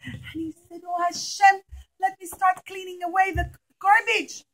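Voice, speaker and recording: A woman telling a story to young children in a classroom, animated, acting out the characters with gasps and whispers. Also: very high-pitched, measured pace, low-quality recording.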